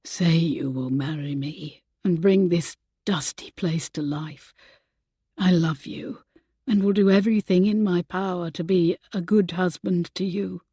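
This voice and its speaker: A woman reading the part of a tender, earnest gentleman suitor in a soft, hushed voice. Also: mid-range voice, little pitch movement, normal speed, hardly any pauses, slightly rough, no echo.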